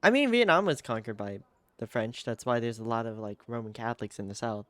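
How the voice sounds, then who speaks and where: Chatty, giggly male streamer, clear voice, lively pitch. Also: a little fast, no echo. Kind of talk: casual gaming stream chat.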